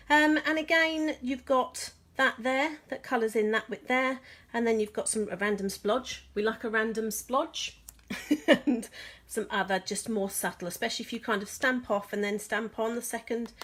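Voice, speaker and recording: A woman demonstrating craft products in a casual vlog, bubbly and gushing, often laughing at her own excitement. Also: a little high. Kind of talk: casual show-and-tell vlog.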